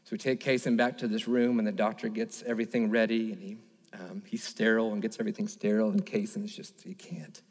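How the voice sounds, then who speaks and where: Pastor preaching in a reverberant hall. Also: male voice, lowish voice, level tone, quick pace. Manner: earnest, storytelling with rising emphatic repetitions. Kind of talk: sermon. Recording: long reverb of a large hall.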